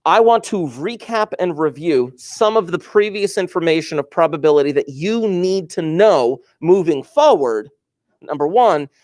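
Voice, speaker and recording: A middle-aged high school math teacher from New Jersey lectures his class, sprinkling in chatty, enthusiastic asides. He's animated, speaks at a normal speed, and has a darkish tone.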